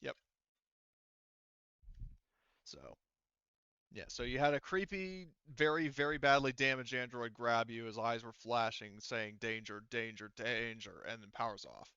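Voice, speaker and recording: Bright, rambling male game master. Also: medium pitch, moderate pace, clean tone, dry recording, dull audio. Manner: rambling, full of fillers and restarts. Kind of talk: narrating a tabletop game.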